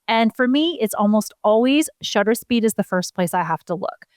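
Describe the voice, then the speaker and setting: A woman's voice: a little high, expressive, normal speed, darkish tone, dry recording, studio quality. A woman co-hosting a casual podcast, explaining horse photography in a chatty, self-deprecating way.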